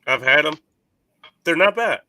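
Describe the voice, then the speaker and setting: A man's voice: a little high, animated, unhurried, sharp tone. A man hosting a casual podcast chat, brash and profane, rambling between points.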